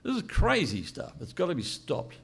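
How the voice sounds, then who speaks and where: A man's voice: fairly high pitch, wildly swooping pitch, moderate pace, creaky, a bit bright, breathy edge. An older man giving a blunt, unscripted speech to an audience and asking rhetorical questions. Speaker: speaker at a political launch event.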